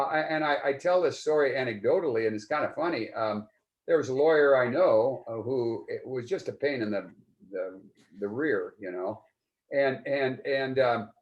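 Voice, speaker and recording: A man in his seventies giving a client testimonial in a casual interview, earnest and rambling, often restarting his sentences. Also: a little high. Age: 70s. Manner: earnest, rambling, with many repeated starts.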